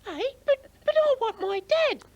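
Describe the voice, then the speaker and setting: A performer voicing an excitable, cheeky young boy in a puppet Bible story, stammering out eager questions. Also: very high voice, measured pace, vocal fry, no room sound, muffled recording, exaggerated voice.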